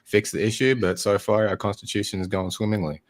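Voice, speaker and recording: Deep-voiced Australian man, dry and offhand. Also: steady tone, brisk. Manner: dry, offhand, swears casually. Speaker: stream guest. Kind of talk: casual chat.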